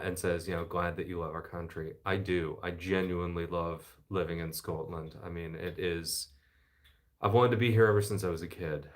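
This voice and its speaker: A middle-aged American man with a low baritone voice, chatting in an easygoing way from his living room. He reads viewer greetings aloud with enthusiastic little asides. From United States. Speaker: channel host reading live chat. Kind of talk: casual live-stream chat. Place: home living room by the fireside.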